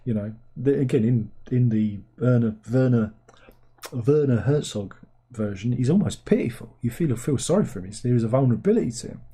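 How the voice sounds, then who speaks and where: A man talks casually into a desk mic on a livestream, rambling and sardonic, jumping now and then into high incredulous exclamations. His voice sits mellow and dark in tone. There is a soft, husky grain to it. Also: expressive, fairly quick. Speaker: livestream host reading chat. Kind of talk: casual chat.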